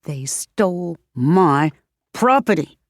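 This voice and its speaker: A woman's voice: deep voice, sing-song, normal speed, warm tone, slightly rough, dry recording, clean studio sound, full character voice. A woman narrator voicing an enraged former rapper turned politician who snarls her words. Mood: furious. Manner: snarling, heated.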